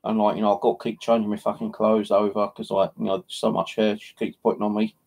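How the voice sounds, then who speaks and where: A man's voice: on the low side, flat delivery, fast, gravelly, darkish tone, husky. A man hosting a paranormal channel, chatting casually in a rambling, sweary way with constant filler. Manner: rambling, sweary, heavy "you know" filler. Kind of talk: casual livestream chat.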